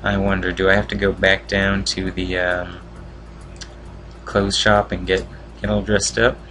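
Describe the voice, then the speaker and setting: A man's voice: low-pitched, level tone, unhurried, bright, forceful tone, slight background noise. A man casually commenting on a video game walkthrough, making wry, joking asides as he plays. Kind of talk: casual let's-play commentary.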